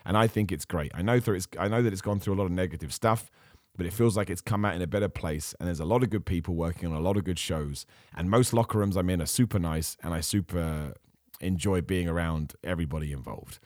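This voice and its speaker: A man hosting a casual podcast, reading out viewer questions and answering them with chatty enthusiasm while his voice turns hoarse. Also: deep voice, fast talker, a little mellow, no echo, studio quality. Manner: enthusiastic, chatty, frequent fillers and restarts. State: losing his voice. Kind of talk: casual chat.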